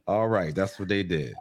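A man's voice: low voice, no room sound, clean studio sound. A man co-hosting a casual podcast, reacting with blunt, laid-back comments and casual swearing. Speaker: podcast co-host. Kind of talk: casual chat.

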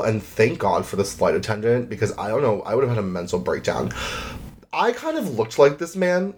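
A man's voice: mid-range voice, a little mellow, a little hiss or hum. A man in his twenties hosting a podcast, telling a travel story in a rambling, chatty way full of "like" fillers. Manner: chatty, rambling, heavy use of "like". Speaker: podcast host. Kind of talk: casual storytelling.

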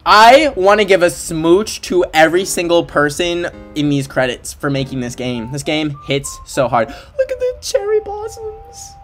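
A man livestreaming a game in casual chat, excitable and emotional, gushing over what he sees, at his desk at home. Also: on the high side, measured pace. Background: faint game music.

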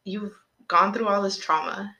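A woman's voice: medium pitch, fairly even intonation, measured pace, crowd noise. A young woman co-hosting a podcast who listens and chimes in with short, casual reactions. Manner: listening, brief reactions and chiming in. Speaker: podcast co-host. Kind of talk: casual chat. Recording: roomy echo.

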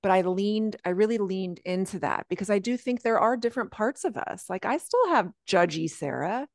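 A woman guest coach talking earnestly on a podcast, often jumping into a high voice when she quotes her own thoughts. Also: moderate pace, no room sound, studio quality. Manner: earnest, animated, often slipping into high quoted self-talk. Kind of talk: reflective podcast conversation.

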